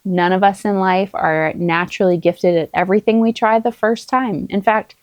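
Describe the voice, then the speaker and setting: A middle-aged woman, a mother, talking to camera in a calm, earnest and encouraging way as she shares parenting advice. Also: medium pitch, normal speed, dry recording. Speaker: parenting vlogger, mother of many. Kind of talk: casual spoken advice to camera.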